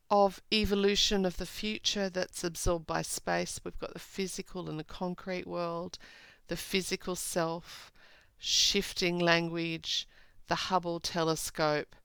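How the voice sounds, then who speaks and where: A woman teaches a poem at an unhurried, deliberate pace, with a gravelly edge and a fairly low voice. Her tone is smooth and clear, and she sounds close to the microphone in a dry space. She keeps returning to the lines she is quoting. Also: steady tone, a bit bright, no room sound, poor audio. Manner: slow, deliberate, rereads lines aloud. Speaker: English teacher. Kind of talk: poetry analysis lecture.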